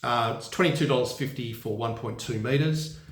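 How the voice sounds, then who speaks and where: An Australian man talks casually to his viewers from a room with a noticeable echo. He thinks aloud, stops to correct himself and keeps asking his audience for answers. His pitch sits in an ordinary middle range for a man. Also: normal speed. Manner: musing, self-correcting, often asks viewers questions. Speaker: vlogger. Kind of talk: casual unscripted vlog talk. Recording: roomy echoey room.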